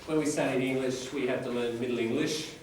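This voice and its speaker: A man's voice: medium pitch, fairly even intonation, fairly quick, a little mellow, a little hiss or hum. A man teaching an English class, explaining in short phrases and checking in with his students. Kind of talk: classroom lecture with reading aloud. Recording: echoey classroom from far off.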